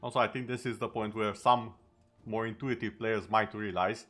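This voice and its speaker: Low-voiced man chatting while gaming. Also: fairly even intonation, moderate pace, a bit bright, soft background music. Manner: chatty, with sarcastic asides. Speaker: streamer. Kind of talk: casual gameplay chat.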